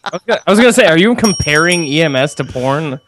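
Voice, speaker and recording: A man's voice: a little high, lively intonation, fast, a bit bright, slight background noise. A man in a casual podcast chat, wry and teasing, with profane jabs.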